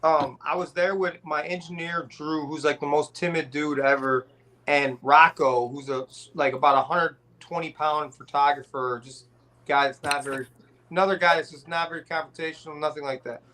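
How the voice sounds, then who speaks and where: A man's voice: on the high side, steady tone, moderate pace, bright, forceful tone, a little hiss or hum. A man telling a long story in casual podcast chat, rambling with restarts and swearing. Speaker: guest rapper telling a story.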